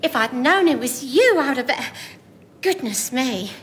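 An actress playing a pious, gossiping older widow, prim and matter-of-fact in a sitcom. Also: female voice, high voice, big pitch swings, unhurried, background noise. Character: prim, gossiping old widow who writes poison-pen letters. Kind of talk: sitcom acting.

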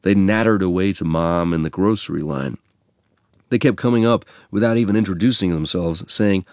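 A man from England narrating a memoir in a measured, reflective reading. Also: low voice, a little mellow, no echo, studio quality.

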